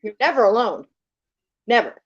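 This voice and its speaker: A middle-aged woman with a drawl tells stories in a relaxed, chatty way and acts out what other people said. Her voice sits a little high for a woman. The live stream audio is muffled and lo-fi. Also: moderate pace, slightly rough. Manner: animated, tells stories acting out quotes. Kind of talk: casual storytelling chat.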